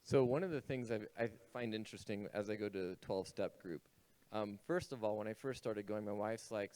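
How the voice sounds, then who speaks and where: A man's voice: lowish voice, brisk, darkish tone. A man speaking as a panelist, telling his own story in a candid, reflective way.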